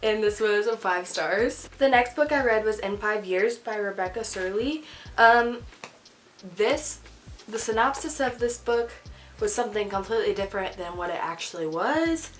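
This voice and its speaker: A woman's voice: mid-range voice, expressive, normal speed, slight background noise. Chatty woman reviewing books. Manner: chatty, candid, frequent "um" and "like". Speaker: book vlogger. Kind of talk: casual book review chat.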